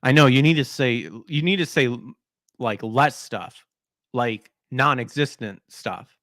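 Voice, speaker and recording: A male podcast host rants about gaming news, mocking what he reads with blunt, crude sarcasm. His voice sits in a middle pitch, and the sound is close and dry, with no room echo. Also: unhurried, a bit bright. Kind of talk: ranting gaming news commentary.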